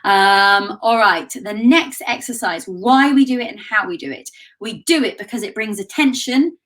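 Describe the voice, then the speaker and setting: A woman teaching an online singing lesson, giving quick, chatty explanations between sung demonstrations. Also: mid-range voice, lively intonation, a bit bright, low-quality recording.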